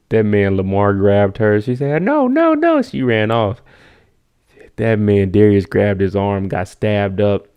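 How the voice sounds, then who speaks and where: A man's voice: fairly even intonation, slow pace, long pauses, a little mellow, clear, resonant tone. A man casually recapping a TV episode on a live stream, using slang, answering chat by name and acting out scenes. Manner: laid-back slang, reads chat names, acts out scenes in high voices.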